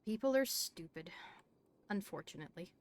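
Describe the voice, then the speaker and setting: A woman chatting in character in a roleplay game, trading dry, deadpan quips. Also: mid-range voice, moderate pace. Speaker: roleplay player playing a doctor.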